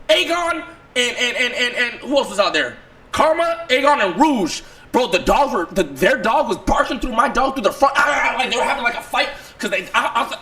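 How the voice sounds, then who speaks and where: A man recounts a chaotic day to his stream in loose, profane slang. His voice sits high and jumps all over the place, dropping to low mutters and then bursting out. It has a bright, gravelly edge. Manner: profane, excitable, swings from low mutters to shouts. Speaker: streamer telling a story. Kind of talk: casual storytelling, reacting.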